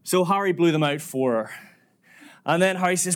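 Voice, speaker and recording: A male preacher telling a story in a sermon, with lively, dramatic pacing. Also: a little high, moderate pace. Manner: lively, dramatic retelling with quoted voices. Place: church.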